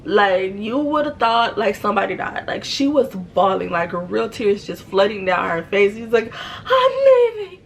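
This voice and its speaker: Speaking directly to her viewers, a young woman relaxes into a chatty, slangy personal story packed with "like" and other fillers. Her mid-pitched voice is gravelly and creaky, moving at a moderate pace with few pauses. The storytime vlog has poor audio and a faint background hiss.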